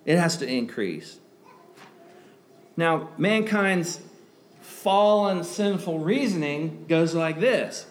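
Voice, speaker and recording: A man's voice: fairly high pitch, lively intonation, slow, long pauses, a little hiss or hum. A man preaching a sermon in a conversational way, asking rhetorical questions and breaking into emphatic outbursts. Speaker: pastor.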